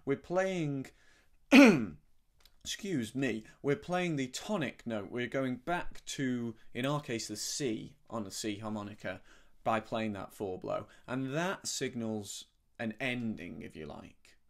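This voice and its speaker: A middle-aged man teaching a harmonica lesson in a relaxed, gentle, explanatory way, sometimes humming syllables to show a sound. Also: medium pitch, slow pace. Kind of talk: relaxed spoken music lesson.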